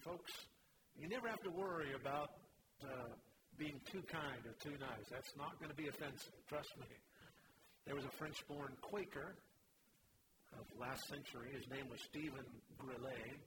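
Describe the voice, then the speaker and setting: A man preaching a sermon as pastor, emphatic and animated, mixing scripture with humorous stories. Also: fairly high pitch, very noisy.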